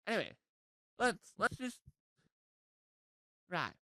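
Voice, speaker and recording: A man's voice: high voice, very animated, slow pace, bright, forceful tone, dry recording, poor audio. A man with a cold doing a rambling, self-deprecating live stand-up set. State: has a cold. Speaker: stand-up comedian.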